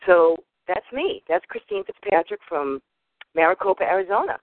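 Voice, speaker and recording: A woman's voice: fairly low pitch, moderate pace, dry recording. Boston-accented woman in her fifties on a tinny phone line. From Boston area, USA. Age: 50s. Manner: animated storyteller who acts out voices. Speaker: caller on a group call. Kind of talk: casual personal introduction.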